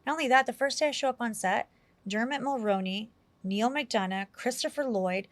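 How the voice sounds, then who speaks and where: A woman from New York City, an actress being interviewed, telling animated stories in a chatty way with lots of acted-out quotes. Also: on the high side, moderate pace, dry recording. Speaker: actress guest. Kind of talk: casual interview storytelling.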